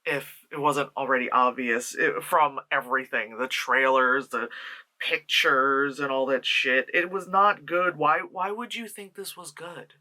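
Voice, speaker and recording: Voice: mid-range voice, steady tone, unhurried, sharp tone. A movie reviewer who talks casually and rambles, swearing, joking sarcastically and laughing often.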